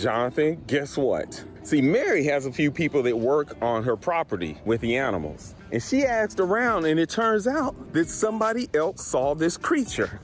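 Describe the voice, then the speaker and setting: A middle-aged man from Colorado, an appraiser telling a story to camera in a casual, animated way and laughing along as he goes. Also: a little high. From Colorado, USA. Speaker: real estate appraiser.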